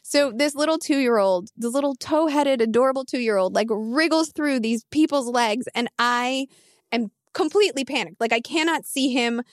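A woman in her thirties, a fantasy football analyst telling an animated, emphatic story in casual podcast talk. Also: sits high, no echo, clean studio sound. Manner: animated, emphatic, quick asides.

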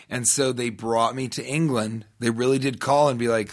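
A man's voice: mid-range voice, steady tone, moderate pace, hardly any pauses. A man who is a guest on a talk show, telling a casual, rambling story with frequent restarts and asides.

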